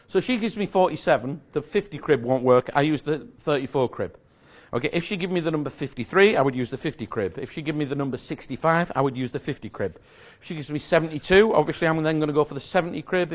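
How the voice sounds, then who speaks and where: A man giving a live magic lecture to an audience, explaining step by step in a chatty, self-correcting way with small jokes. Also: a little high.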